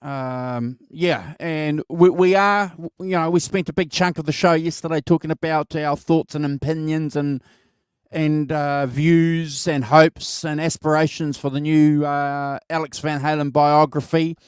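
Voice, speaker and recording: A fairly high-voiced man hosts a live music stream. His voice is smooth and clear, recorded dry and close. He stumbles and repeats words in a relaxed, friendly way. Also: measured pace, no room sound. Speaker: host. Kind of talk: casual live-stream chat.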